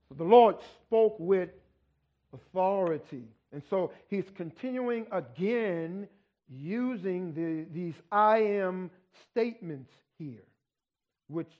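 A man with a high voice delivers a sermon at a slow, unhurried pace. He teaches in an easy conversational way and keeps asking his listeners "right?". The recording sounds dull and lo-fi. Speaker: pastor.

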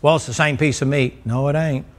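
Guy preaching, jokey and folksy, voice a bit on the high side, church crowd. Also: steady tone, brisk. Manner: folksy, joking storyteller who teases the congregation. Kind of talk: sermon. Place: church before a congregation.

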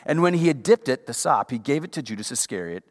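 Man, preacher, sermon, lively pitch, long hall reverb. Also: quick pace. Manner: animated Bible reading, voice rising high for emphasis.

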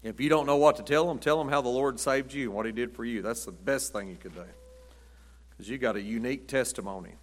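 Folksy preacher in a reverberant hall. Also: male voice, medium pitch, fast talker. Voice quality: folksy, conversational preaching with acted asides. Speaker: pastor. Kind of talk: sermon. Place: church sanctuary.

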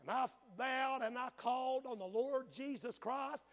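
A little slow in pace, an older man's very high voice carries a fervent revival sermon and prayer. He shifts between soft tones and shouts as his voice breaks with emotion.

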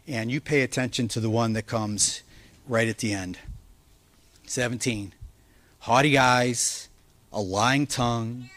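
A male pastor preaching a sermon, earnest and emphatic, slowing down to stress key words. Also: medium pitch, a bit bright, no room sound. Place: church.

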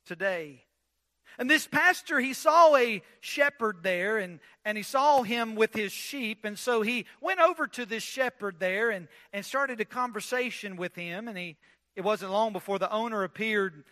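A man preaching a sermon, restarting words often and dropping low and soft on key lines. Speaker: pastor.

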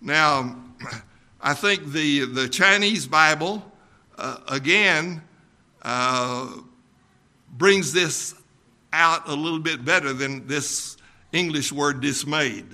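An older pastor delivering a sermon at a very unhurried pace. His voice is fairly high for a man and strikingly bright and sharp. He talks in a folksy way, pausing on ums and uhs.

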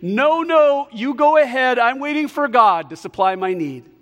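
A man's voice: high voice, sing-song, moderate pace, bright, forceful tone, heavily acted. A man voicing a stubborn flood victim who pleads and justifies himself, with long hall reverb. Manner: pleading, then self-justifying. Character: stubborn flood victim waiting on God, male.

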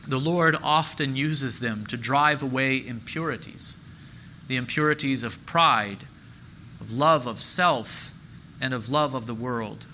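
A man's voice: medium pitch, a little slow, pushed and bright, a little hiss or hum, poor audio. A man preaching a sermon as pastor, earnest and emphatic, repeating key phrases and lifting his voice on questions.

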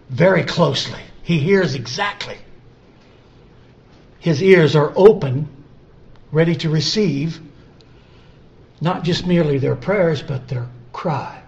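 Preacher man, kinda high voice, goes quiet then gets loud and high, repeats his verses. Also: creaky, dull audio. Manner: builds from quiet, drawn-out lines to loud, high emphatic peaks; repeats scripture phrases for emphasis. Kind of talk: sermon.

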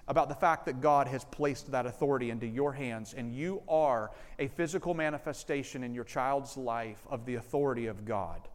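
A male pastor preaching a sermon, animated and acting out family members' lines. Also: medium pitch, in a large hall. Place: church sanctuary.

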